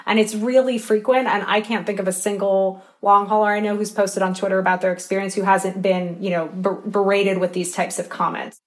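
A woman's voice: mid-range voice, little pitch movement, brisk, hardly any pauses. A woman author answering interview questions with earnest passion, using lots of fillers as she talks. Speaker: author and guest.

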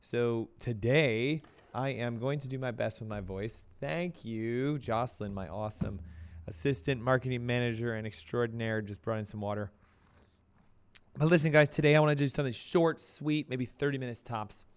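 Hoarse, chatty male radio health host. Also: mid-range voice, normal speed. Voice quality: coughing, strained voice. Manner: energetic, chatty, breaks into playful quoted voices. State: hoarse from laryngitis. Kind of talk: casual health talk show.

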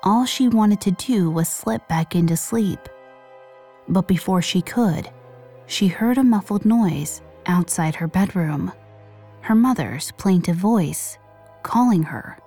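A woman hosting a podcast, reading a scripted true-crime story in a measured, grave way. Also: lowish voice, mellow. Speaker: podcast host and narrator.

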